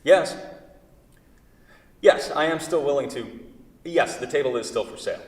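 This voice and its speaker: A man's voice: fairly high pitch, a little slow. A man reading the part of a fussy, prideful furniture maker at a staged play reading, prim and stubborn, sputtering through restarts. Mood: insistent. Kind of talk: staged play reading, one side of a phone call. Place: large indoor theater stage. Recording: echoey theater hall, mic far off.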